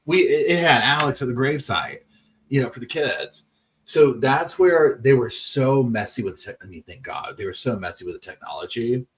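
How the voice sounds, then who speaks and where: A man's voice: medium pitch, animated, normal speed, far from the mic. A man hosting a live true-crime chat stream, rambling casually and reading viewer messages aloud. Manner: chatty, rambling, many restarts, reads chat messages aloud.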